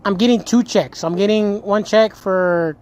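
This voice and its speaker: A young man livestreaming and chatting casually to his viewers. He tells stories in a lively way, swears and then corrects himself, and thanks a donor with a lot of emotion. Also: high-pitched, moderate pace. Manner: animated storytelling, swears and self-corrects, emotional gratitude.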